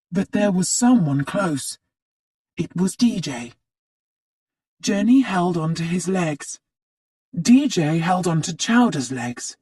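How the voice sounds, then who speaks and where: A storybook narrator with a lively, swooping delivery and a slightly husky tone. The reading is slow and careful, for people learning English. The sound is close and dry. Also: medium pitch, no room sound. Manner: animated read-aloud, acts out the characters' lines.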